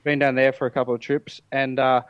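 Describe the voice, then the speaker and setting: A young man with an Australian accent on a family podcast, speaking haltingly with many uhs. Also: mid-range voice, level tone, clean tone, dry recording, lo-fi sound. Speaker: family member guest. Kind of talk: casual family podcast chat.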